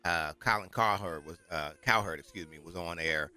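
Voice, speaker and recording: A man's voice: low-pitched, normal speed, bright, forceful tone. A man co-hosting a sports talk radio show, chatting with enthusiastic, hometown-proud banter. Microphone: studio microphone.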